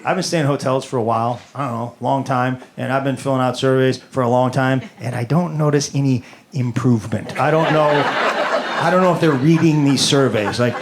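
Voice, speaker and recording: A man's voice: medium pitch, a little fast. A man doing a stand-up comedy set, rambling and exasperated, repeating his words as he rants. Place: comedy stage with live audience. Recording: roomy club with audience noise.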